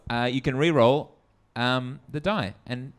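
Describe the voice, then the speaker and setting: A man's voice: mid-range voice, unhurried. A man playing a tabletop game who hesitates with fillers and reads out rules. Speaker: player. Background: music.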